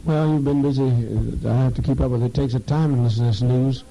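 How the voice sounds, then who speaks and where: A man leading a program and addressing a group informally, halting and repeating words for emphasis. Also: mid-range voice, fairly even intonation, muffled recording.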